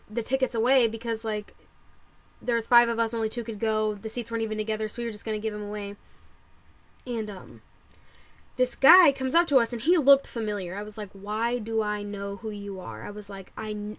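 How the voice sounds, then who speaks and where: A young woman telling a story to camera in casual vlog chat, excitable and full of "like". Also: on the high side. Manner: bubbly, excitable, lots of "like" and quoted reactions. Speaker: vlogger.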